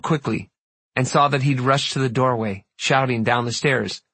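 A man narrating an audiobook in first person, measured and reflective. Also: medium pitch, fairly even intonation, a bit bright, husky, dry recording.

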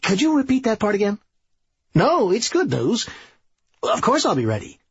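A man voicing Serge, a manic, brash male schemer in an audiobook, speaking in a quick, excitable, breezy way. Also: high-pitched, husky, no room sound, muffled recording, voice pushed up, heavily acted.

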